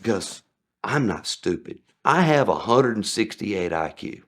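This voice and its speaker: A man's voice: big pitch swings, measured pace. A man telling sarcastic stories about his days as a delivery driver, acting out the people he quotes. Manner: sarcastic, acts out quoted people with big pitch jumps. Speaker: former package delivery driver. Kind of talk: anecdotal storytelling.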